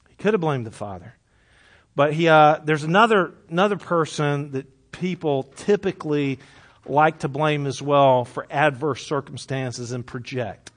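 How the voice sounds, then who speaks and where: A man leading a Bible study, preaching conversationally to a live group, joking and asking questions, then dropping soft and low for earnest points. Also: unhurried. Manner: lively, jokes with and questions the group.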